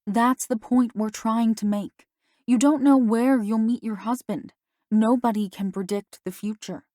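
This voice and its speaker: A calm, gentle mother talking sense into her daughter, as a woman narrating an audiobook puts her on. Her voice sits a little higher than the narration, recorded dry and close. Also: measured pace, dry recording, natural voice. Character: gentle, reasonable mother of a teen girl. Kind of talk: audiobook character reading.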